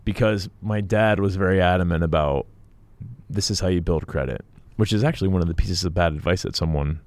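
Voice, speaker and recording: A middle-aged man co-hosting a podcast, relaxed and chatty, chiming in with agreeing murmurs. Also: low voice, fairly quick, dry recording. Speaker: podcast co-host. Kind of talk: casual podcast conversation.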